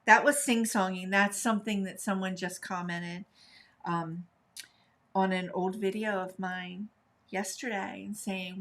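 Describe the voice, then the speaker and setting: A woman hosting a live stencil and ink craft stream, chatting along as she works. Her talk is upbeat and casual, full of little asides, and she slips into a sing-song lilt now and then. She speaks at a medium pitch. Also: fairly even intonation, a little slow, fairly bright tone. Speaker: craft tutorial host.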